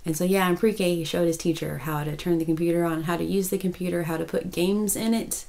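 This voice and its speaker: A woman's voice: lowish voice, steady tone, fairly quick, creaky, darkish tone, low-quality recording. A woman, chatting casually as a crochet vlogger, rambling with many restarts and turning emotional. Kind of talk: casual chat.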